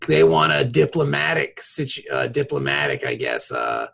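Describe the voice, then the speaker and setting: A man's voice: fairly high pitch, normal speed, creaky, crowd noise. A man co-hosting a podcast, retelling a TV episode in casual chat with crude humor and laughter. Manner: crude, laughing, animated storytelling. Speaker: podcast co-host.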